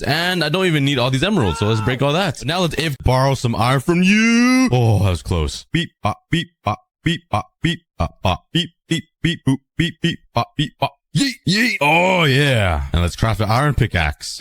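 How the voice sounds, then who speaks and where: A young man giving excitable running commentary while playing a video game, often jumping to high yelps. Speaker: gaming video host.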